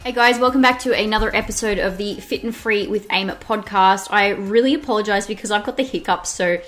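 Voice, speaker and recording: Young female podcast host, relaxed and talky, loose conversational delivery, average pitch. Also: a little fast, soft background music. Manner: chatty, with frequent "like" and restarts. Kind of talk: casual solo podcast talk.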